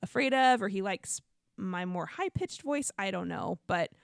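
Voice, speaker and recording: A woman co-hosting a podcast chats casually through a pet story. She acts out other people's lines as she goes. Her voice is mid-pitched and the recording is dry and close. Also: expressive, moderate pace, gravelly, dry recording. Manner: chatty storyteller, quotes others, laughs often. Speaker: podcast co-host. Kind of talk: casual chat.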